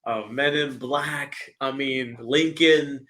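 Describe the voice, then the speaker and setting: A man co-hosting a podcast, chatting casually and laid-back, chiming in with quick agreement. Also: medium pitch, fairly even intonation, fairly bright tone. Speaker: podcast co-host. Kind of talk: casual chat.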